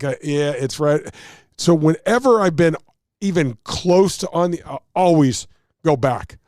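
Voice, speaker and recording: A man's voice: a little high, a little mellow, no echo, studio quality. A man, a touring golf pro, explaining rules and telling stories in a casual chat, acting out quotes and laughing at himself.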